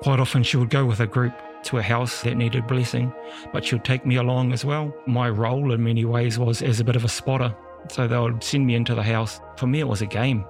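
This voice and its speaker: A man's voice: mid-range voice, a little fast, music in the background. A man from New Zealand with a New Zealand accent, telling his personal story as a podcast guest and acting out the people he quotes. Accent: New Zealand English. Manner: lively storyteller acting out quoted dialogue, laughing often.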